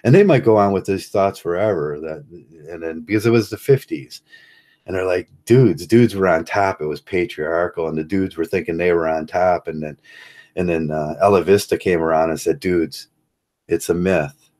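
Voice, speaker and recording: A man's voice: low voice, normal speed, darkish tone. A man ranting in a casual monologue vlog, sarcastic and rambling, often breaking into chuckles and restarting his sentences. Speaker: vlogger.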